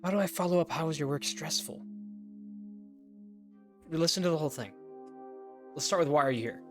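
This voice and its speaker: A man's voice: fairly high pitch, moderate pace, soft background music. A man streaming a game, thinking aloud in a wry, casual way and swearing now and then.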